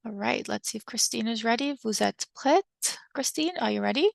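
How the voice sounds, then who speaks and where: A woman's voice: on the high side, moderate pace, creaky, dry recording. A woman teaching an online French class, encouraging her students and mixing English with French phrases.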